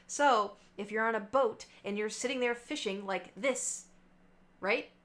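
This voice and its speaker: Young woman streamer rambling to chat, lots of likes and ums, mid-pitched voice. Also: fairly bright tone. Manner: rambling storytelling, lots of fillers and asides. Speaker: livestreamer. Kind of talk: casual chat with stream viewers.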